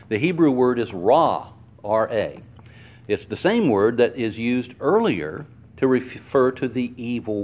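A man preaches to a congregation in a church hall, his pitch swinging widely as he goes. He slows down to stress single words and leaps higher when he acts out lines. His voice sits at a middle pitch. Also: a little mellow. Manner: explains word meanings slowly, stressing each word. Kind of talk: sermon.

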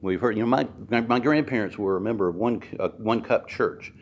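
A male preacher delivering a sermon, repeating key phrases and slowing down to stress words. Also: fairly low pitch.

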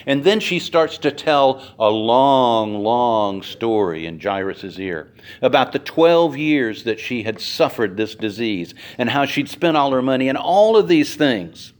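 A man preaching a sermon as dramatic storytelling, swinging from loud to hushed. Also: mid-range voice, animated, a little slow, hardly any pauses. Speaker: pastor.

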